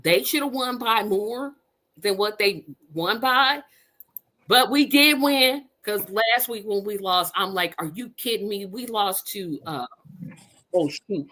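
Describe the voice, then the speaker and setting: A woman in her fifties from Indiana, hosting a podcast in a casual, animated, emphatic way, often repeating herself for effect. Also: mid-range voice. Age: 50s. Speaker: podcast host. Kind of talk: casual chat.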